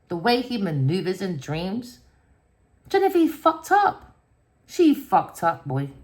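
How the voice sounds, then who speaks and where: A woman with a gravelly, fry-heavy voice vents in a heated, emphatic tarot rant. She swears freely and tags her lines with street slang. Her pitch sits mid-range for a woman. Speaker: tarot reader. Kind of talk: casual spiritual rant.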